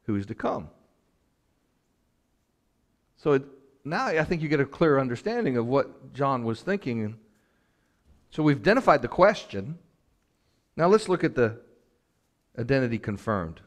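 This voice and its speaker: A man preaching a church sermon with rising passion, asking the congregation direct questions and then dropping to a soft, slow voice. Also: mid-range voice, sing-song. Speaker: pastor.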